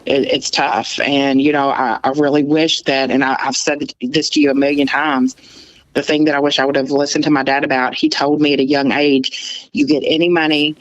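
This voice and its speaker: A man's voice: medium pitch, normal speed. A man calling in to a livestream, talking thoughtfully with hesitant starts. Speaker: call-in guest. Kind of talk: casual chat. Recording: dull dry call audio.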